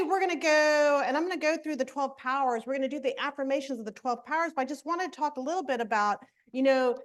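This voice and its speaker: High-voiced woman minister giving a lesson. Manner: conversational, often asks "right?", laughs easily. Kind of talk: spiritual lesson.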